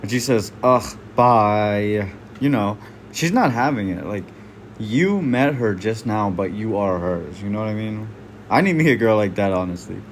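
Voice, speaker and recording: A man's voice: lowish voice, expressive, normal speed, a little hiss or hum. A man doing casual reaction commentary, blunt and slangy, swearing freely. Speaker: online commentator.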